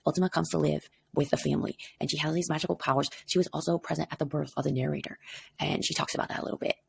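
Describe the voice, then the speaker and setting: A woman's voice: sits low, steady tone, very fast, creaky. A tired woman teacher explaining an assignment in a recorded lesson, rambling casually and checking in with "okay?". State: tired, up before dawn.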